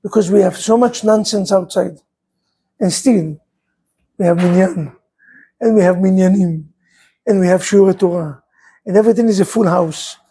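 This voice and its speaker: A man's voice: high voice, moderate pace, pauses often, mellow, slightly rough, low-quality recording. A man, a rabbi, preaching an impassioned sermon full of rhetorical questions.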